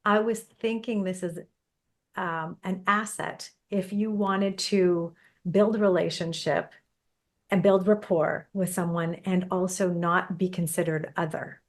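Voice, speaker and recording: A woman's voice: on the low side, fairly even intonation, measured pace. A woman hosting a podcast in casual interview chat, chatty and full of personal anecdotes. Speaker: podcast host.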